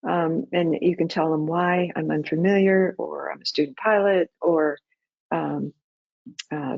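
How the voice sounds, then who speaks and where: A woman's voice: low-pitched, steady tone, measured pace, gravelly, darkish tone, dry recording. A middle-aged woman and former air traffic controller answering pilots' questions in a practical, conversational way, acting out radio calls. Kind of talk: webinar Q&A answers. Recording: dull muffled webinar audio.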